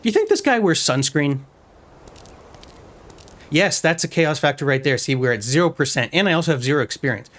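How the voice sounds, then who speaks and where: A let's-play gamer gives rambling, self-mocking commentary while playing at home in a messy room, often stumbling over his words. His voice is on the high side, expressive and brisk, with frequent pauses. Loud car and game sounds fill the background.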